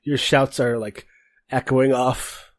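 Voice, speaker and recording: A man's voice: medium pitch, steady tone, slow pace, no room sound. A man narrating a tabletop game as game master, rambling with many fillers.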